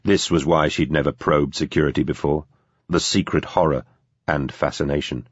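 Deep, husky male narrator. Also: fairly even intonation, normal speed, no room sound, highs cut off. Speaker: audiobook narrator. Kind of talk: scripted narration.

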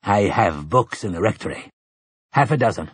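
A man's voice: lowish voice, lively intonation, moderate pace, husky, no room sound. A man voicing an old male priest who speaks patiently and earnestly in a storybook reading. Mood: explaining.

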